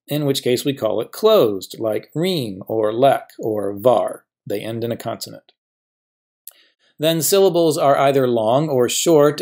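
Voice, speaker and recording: A middle-aged man teaching a recorded grammar lecture, patient and methodical, slowing down to sound out each example word. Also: mid-range voice, darkish tone. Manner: patient, stretches out example words slowly. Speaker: professor teaching biblical Hebrew.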